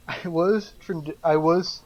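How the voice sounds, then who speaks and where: A man with a fairly high voice chats on a podcast mic, rambling through his stories. He stops and restarts often, fills gaps with ums and breaks into laughter. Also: fairly even intonation, slow, darkish tone, highs cut off. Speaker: podcast co-host. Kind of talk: casual chat.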